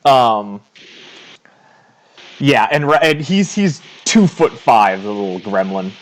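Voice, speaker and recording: Slow, lively-pitched male game master. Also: a little hiss or hum. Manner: laughs often, loose and chatty. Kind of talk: narrating a tabletop game.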